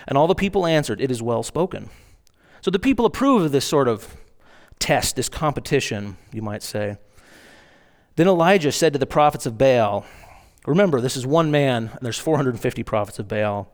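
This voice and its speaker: Male preacher, medium pitch, reads scripture with spoken asides and acted-out emphasis. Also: animated, moderate pace. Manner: reads scripture aloud, then explains in asides; acts out the mocking lines with rising emphasis. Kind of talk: sermon with scripture reading.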